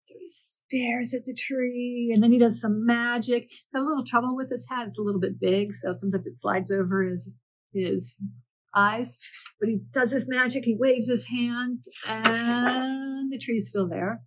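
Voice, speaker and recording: Husky-voiced woman reading picture books aloud. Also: fairly high pitch, steady tone, unhurried, poor audio. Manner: gentle, storytelling, playful asides. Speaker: children's librarian.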